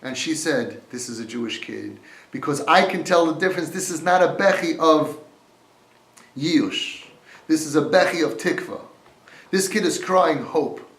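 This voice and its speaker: A man delivers an impassioned Torah talk, reading out Hebrew sources and explaining them in English. His voice sits fairly high, and the recording carries a noticeable roomy echo. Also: expressive, unhurried, a bit bright. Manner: impassioned, quoting Hebrew texts and translating them. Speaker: Torah teacher.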